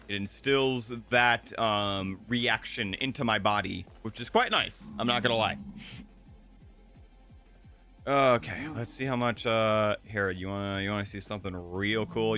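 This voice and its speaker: Rambling young man with slight lisp. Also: on the low side. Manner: rambling, chatty, with frequent fillers and self-corrections. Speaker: gaming streamer. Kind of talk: casual gameplay commentary. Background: soft game music.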